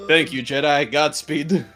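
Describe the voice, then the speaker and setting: A co-player joking and laughing while commenting on a game. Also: medium pitch. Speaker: let's play co-player.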